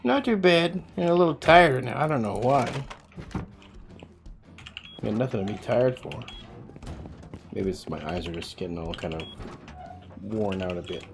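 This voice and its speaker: A man's voice: mid-range voice, lively intonation, unhurried, gravelly, long pauses, over music. A man streaming a game, chatting casually with viewers while he plays, rambling and swearing freely. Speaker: livestreamer.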